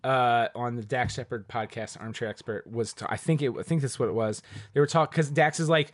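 A man co-hosting a podcast, chatting casually about a movie and lively about it. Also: mid-range voice, a little fast. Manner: lively, acts out quoted lines. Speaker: podcast co-host.

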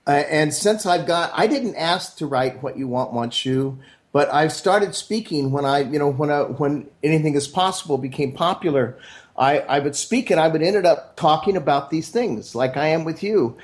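Author guest, male, fairly high voice, animated storyteller who voices the people in his stories. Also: moderate pace. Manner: acts out dialogue in lively voices. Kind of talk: anecdotal storytelling.

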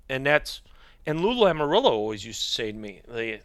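A man's voice: mid-range voice, lively intonation, moderate pace, fairly bright tone, no echo, studio quality. A middle-aged man, a hockey equipment manager, telling rambling stories as a podcast guest and dropping his voice to quote other people. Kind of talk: casual storytelling chat.

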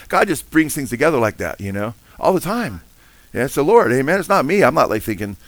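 A middle-aged man, a pastor, preaching a sermon with animated emphasis and call-and-response questions to the congregation. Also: medium pitch, fairly quick, no echo.

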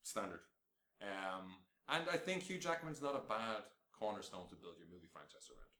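A man hosting a casual film review chat, swearing freely and acting out scenes in lively bursts. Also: sits low, normal speed, echoey room, a little hiss or hum. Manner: animated, profane, acts out scenes in bursts. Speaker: film podcast host.

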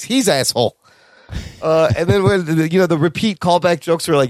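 A man co-hosting a casual movie review podcast, talking excitedly, swearing freely and acting out lines from the film. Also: high-pitched, fairly quick, no room sound, studio quality. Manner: excited, swears a lot, acts out quoted lines. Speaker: podcast co-host.

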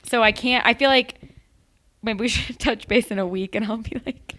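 A young adult woman in casual chat, talking in quick asides and laughing often. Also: fairly high pitch, fairly bright tone.

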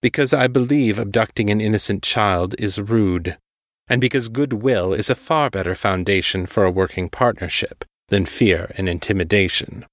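A man voicing a deep, cultured crime lord on the phone. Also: no echo, studio quality, lightly acted. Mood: coolly controlled. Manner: calm, carefully controlled, slow.

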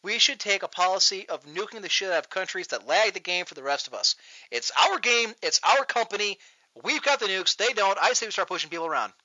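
A man hosting a show, ranting loudly and profanely in a mocking tone, recorded on dull lo-fi audio. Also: sits high, expressive, a little fast, no echo. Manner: loud, profane, mocking rant. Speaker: podcast host. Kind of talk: ranting comedic talk show.

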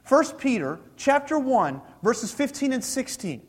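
A man's voice: very high voice, big pitch swings, moderate pace, few pauses, breathy edge. A man in his forties preaching a sermon in a church, talking casually with the congregation and asking them questions. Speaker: pastor. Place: church sanctuary. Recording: hall reverb.

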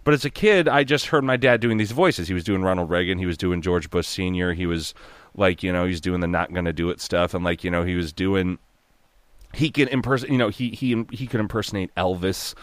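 A man's voice: low-pitched, a little fast, no room sound. A man in his thirties chatting casually, rambling with many fillers, swearing and restarts, slipping into impressions. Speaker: podcast guest or co-host, dungeon master. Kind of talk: casual chat.

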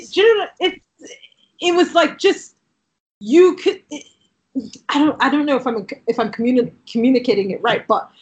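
A fairly high-voiced woman with a London-tinged accent worn by time in Canada, telling her story in a relaxed, conversational way. She talks in animated bursts and scatters "like" through her sentences. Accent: London English, shifted by years in Canada. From Southeast London, England. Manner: animated storyteller, frequent "like" fillers, quick asides. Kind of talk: casual conversation.

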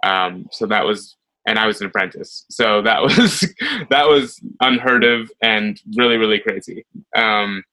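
A young man, a ballet dancer being interviewed, telling stories in a chatty way with many pauses and fillers. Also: fairly low pitch, rough recording. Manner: chatty, many ums, animated retelling. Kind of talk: casual interview storytelling.

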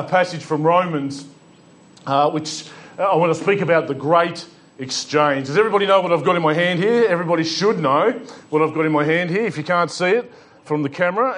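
A man's voice: a little high, a little fast, fairly bright tone. A male senior pastor, preaching a sermon in a conversational storytelling way, with frequent restarts. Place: church.

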